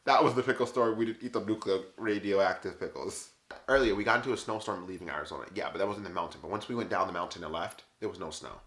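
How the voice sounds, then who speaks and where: A man telling travel stories in a casual, animated, exasperated way. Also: low voice, quick pace. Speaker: vlogger. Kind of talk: casual storytelling. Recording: echoey room.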